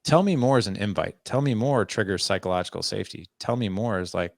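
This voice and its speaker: A man in his forties with a low, gravelly voice, recorded close and dry with no room sound. He speaks as a podcast guest on fatherhood and brings his stories to life by playing out both voices in a conversation. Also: quick pace, no echo. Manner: animated, acts out both sides of dialogues. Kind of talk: conversational interview storytelling.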